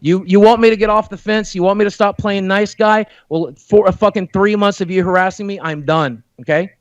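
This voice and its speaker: A man in a heated, profane argument, shouting threats on a dull, lo-fi call recording. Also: high voice, fairly even intonation, brisk, dry recording. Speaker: guest on a played call.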